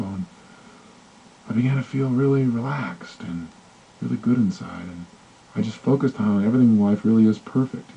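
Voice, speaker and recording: Guy doing a calm chilled-out person, low soft slow voice, husky, muffled old recording.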